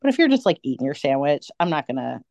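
A woman's voice: low voice, big pitch swings, fast talker, creaky, a little mellow. A woman co-hosting a podcast, chatting casually and animatedly, often acting out quotes. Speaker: podcast co-host. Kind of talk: casual fan chat.

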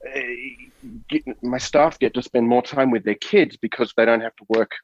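A man's voice: medium pitch, normal speed, a little mellow. A man who owns an agency and is a guest on a podcast, thinking aloud with many restarts. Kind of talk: casual conversation. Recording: dull, dry lo-fi sound.

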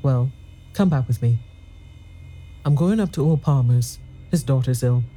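Casting: man doing a blunt Irish doctor, young, mocking, very dark timbre. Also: mid-range voice, measured pace, slightly rough, poor audio. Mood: scoffing. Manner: hearty and scoffing.

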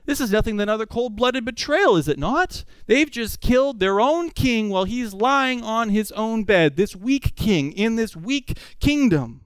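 Animated, high-voiced male preacher. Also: moderate pace, hardly any pauses, smooth, no room sound. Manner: animated, conversational, full of rhetorical questions. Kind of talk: expository sermon.

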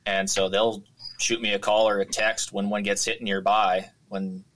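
A man's voice: lowish voice, little pitch movement, moderate pace, fairly bright tone, a little hiss or hum. A man from Washington state talking casually and easygoingly about hunting. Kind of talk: casual chat.

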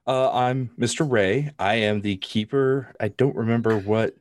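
A man hosting and narrating a tabletop role-playing podcast in a relaxed, conversational way. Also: mid-range voice, unhurried, crowd noise. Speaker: game master.

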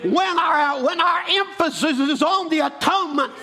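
A man preaching a sermon, rising from calm storytelling into loud, fervent exhortation. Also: very high voice, moderate pace. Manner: building to shouted exhortation.

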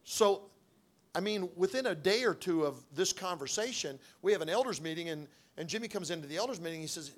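A man's voice: high voice, animated, a little fast. A middle-aged man preaching through a personal story, in a conversational way, acting out the dialogue with frequent restarts. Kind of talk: sermon storytelling.

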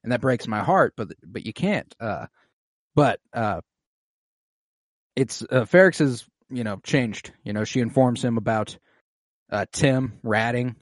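Animated, profane man recapping an episode. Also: mid-range voice, a little slow, long pauses, no room sound, studio quality.

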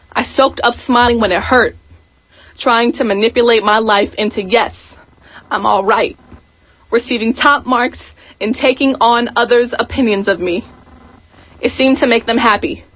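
A woman with a somewhat high voice reads a poem in a slow, deliberate, introspective manner. Her voice comes through a dull, muffled radio broadcast. She lets each phrase settle. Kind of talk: poetry reading.

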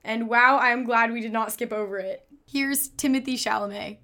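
A woman's voice: fairly high pitch, normal speed, pushed and bright. A woman hosting a casual chat, chatty as she introduces each impression. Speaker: host.

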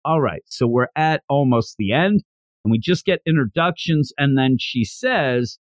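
A man's voice: mid-range voice, expressive, measured pace, no room sound. A man chatting casually about an anime, sarcastically acting out the characters' lines. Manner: sarcastic, acts out characters' lines in exaggerated voices. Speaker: podcast host reviewing an anime. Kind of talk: casual chat.

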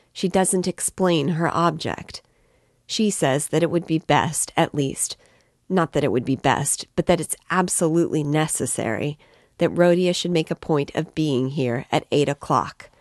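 A woman's voice: deep voice, a little mellow, no room sound, studio quality. Woman reading as a fretful, tearful mother. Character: anxious, fluttering middle-aged mother.

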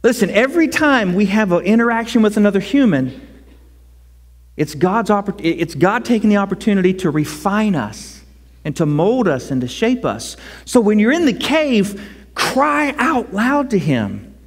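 A man preaching a sermon as pastor, conversational and animated, rising to loud cries. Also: high-pitched, normal speed. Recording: long hall reverb.

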